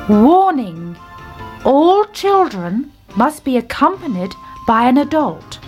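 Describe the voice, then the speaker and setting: Brief: woman narrator for a children's story, high and very lively, faint music behind.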